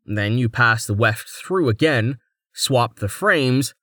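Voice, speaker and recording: A man playing a hurried young captain, blunt and businesslike, in a mid-pitched voice. The delivery is dry and close-miked, with no room around it. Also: animated, sharp tone, dry recording, full character voice. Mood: explaining. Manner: brisk, casual, businesslike.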